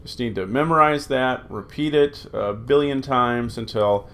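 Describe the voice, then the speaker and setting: A man's voice: mid-range voice, unhurried, creaky, fairly bright tone. Middle-aged male teacher, mid-range voice, patient and repetitive, lots of filler sounds. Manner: patient, repeats forms aloud with many fillers. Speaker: Greek teacher. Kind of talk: recorded classroom lesson.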